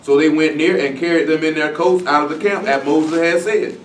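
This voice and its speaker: A man preaching a Bible-study sermon in a casual, blunt way, full of slang and rhetorical questions, and slowing down to stress the scripture he reads. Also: fairly high pitch, fairly even intonation, a little hiss or hum. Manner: slow, stressed reading of scripture. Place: congregation meeting room. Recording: echoey room from a distant mic.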